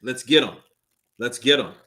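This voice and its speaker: A young man hosting a live stream, giving hyped, animated watch-along commentary and laughing often. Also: medium pitch, normal speed.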